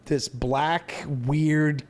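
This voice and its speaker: A man's voice: a little high, steady tone, extremely slow. A man co-hosting a casual podcast, riffing crudely on a bad movie and jokingly acting out its lines. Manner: crude, joking, acts out quotes mid-story. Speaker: podcast co-host.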